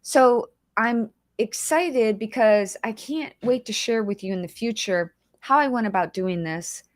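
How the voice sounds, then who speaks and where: A woman's voice: a little high, measured pace, no room sound, studio quality. A woman hosting a casual livestream, chatty and emotional, greeting viewers by name and holding back tears. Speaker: livestream host.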